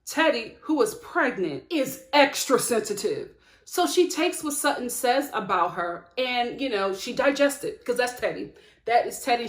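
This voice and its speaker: A sassy, outspoken woman with a fairly high voice recaps reality TV to camera from a lit home studio. She is animated and laughs often, and the room sounds echoey.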